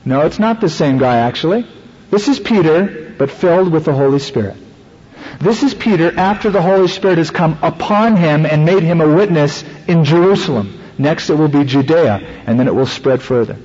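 A man's voice: a little high, lively intonation, normal speed, darkish tone, breathy edge, in a large hall. A man preacher giving a conversational sermon that acts out Bible stories, on a dull lo-fi radio recording.

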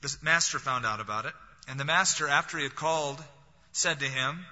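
A man's voice: fairly high pitch, fairly quick, pushed and bright. A man preaching a sermon in a conversational way, with wry, humorous asides. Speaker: pastor. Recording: reverberant hall, dull lo-fi sound.

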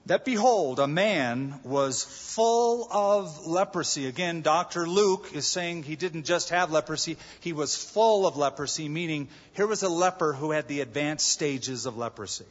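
Animated male preacher in an echoey hall. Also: fairly high pitch, a little slow, hardly any pauses. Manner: animated preaching, acting out voices and shouts. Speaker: pastor. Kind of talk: sermon. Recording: dull, echoey large hall.

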